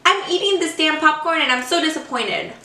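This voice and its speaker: A young woman chatting casually through a snack-tasting vlog at home, excitable and gushing. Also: high voice, fairly quick. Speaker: vlogger. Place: room at home. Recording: roomy sound, a bit far from mic.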